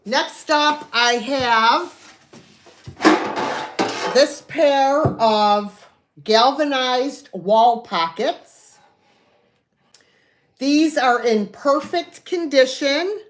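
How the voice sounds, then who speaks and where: A woman's voice: sits high, extremely slow, pauses often. A woman hosting a live online sale, chatting in a folksy way, describing items and counting down sales. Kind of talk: live selling stream.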